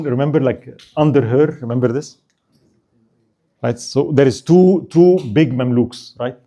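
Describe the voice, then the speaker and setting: A man giving a storytelling history lecture at a mosque, asking animated rhetorical questions and acting out the people in the story. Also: medium pitch.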